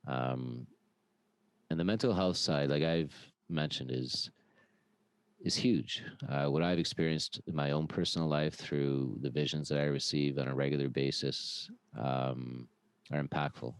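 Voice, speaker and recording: Very deep-voiced man, earnest. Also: unhurried, clean tone, no room sound, low-quality recording. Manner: earnest, animated storytelling with many restarts. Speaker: podcast guest. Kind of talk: casual podcast conversation.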